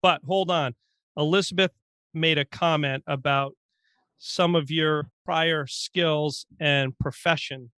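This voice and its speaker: A man's voice: on the high side, steady tone, takes it slowly, sharp tone, smooth. A middle-aged man from Vermont co-hosting a podcast with joking, teasing, upbeat banter. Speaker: podcast co-host.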